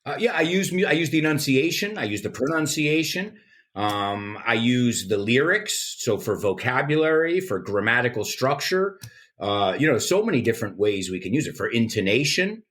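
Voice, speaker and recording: Animated middle-aged man. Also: mid-range voice, moderate pace. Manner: animated storyteller, playful, lively delivery. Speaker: guest, English teacher and radio presenter. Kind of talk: casual podcast interview.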